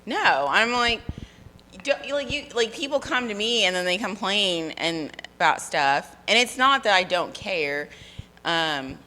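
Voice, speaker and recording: A woman in her thirties with a New York accent, co-hosting a casual chat and telling blunt, animated stories. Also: medium pitch, unhurried, slight background noise, poor audio. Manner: blunt, animated storyteller acting out quotes. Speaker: podcast co-host.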